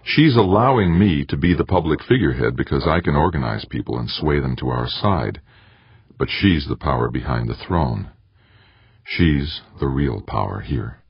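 A man's voice: very deep voice, lively intonation, moderate pace, gravelly, husky, no room sound, full character voice. A man reading the part of a scheming, anxious ex-convict leader in an audiobook. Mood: brooding. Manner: anxious, brooding inner voice. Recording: dry, dull lo-fi audiobook recording.

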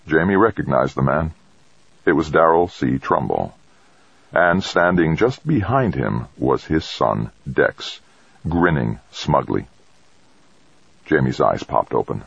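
A man reading a novel aloud in a measured, steady narration. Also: rumbling low, gravelly, husky, no echo, dull audio. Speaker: audiobook narrator.

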